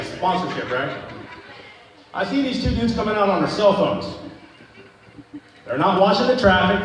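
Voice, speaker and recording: A man's voice: sits high, slight background noise. A man doing a stand-up comedy set, telling a rambling, profane story to a live crowd. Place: event hall at a live show. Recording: echoey hall from far off.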